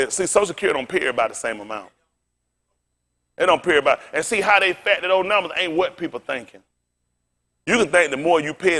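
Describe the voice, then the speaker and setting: A man preaching a fiery sermon, firing rhetorical questions at the congregation and dropping into low, conversational asides. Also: a bit bright. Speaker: pastor.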